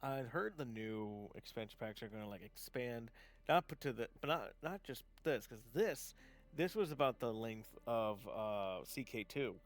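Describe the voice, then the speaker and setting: A man chatting casually on a live gaming stream, rambling with lots of fillers and restarts, laughing often and getting excited. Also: medium pitch, a little slow, soft background music. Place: home setup, gaming stream.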